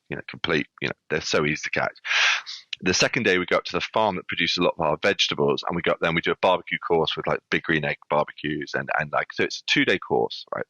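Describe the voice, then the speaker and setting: A man's voice: a bass voice, pushed and bright, dry recording. A man, a restaurant guest on a podcast, telling a funny story animatedly with lots of restarts. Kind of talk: casual storytelling. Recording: dull lo-fi sound.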